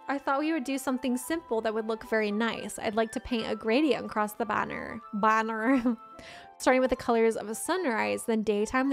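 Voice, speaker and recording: A woman's voice: fairly high pitch, close to an everyday voice. Woman voicing a shy, timid schoolgirl. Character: shy, timid teenage girl, bookish and easily flustered.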